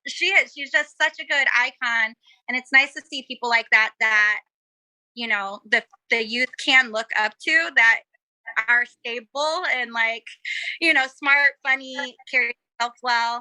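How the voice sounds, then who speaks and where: A woman's voice: a little high, a little slow, pushed and bright, no echo, low-quality recording. A young woman, a cosplayer guest on a casual podcast, telling stories in a bubbly, giggly way and acting out quotes.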